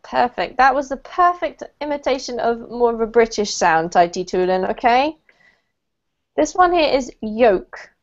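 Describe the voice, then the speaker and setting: A woman teaching English pronunciation to a group over a video call, clear, deliberate and encouraging. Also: animated. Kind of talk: online group pronunciation lesson. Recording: muffled low-fidelity video call audio.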